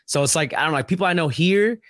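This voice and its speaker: A young man from Brooklyn, rambling in a casual podcast chat, full of "like" and quick asides. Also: fairly high pitch, dry recording, clean studio sound. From Brooklyn, New York. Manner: rambling, animated, heavy on filler "like".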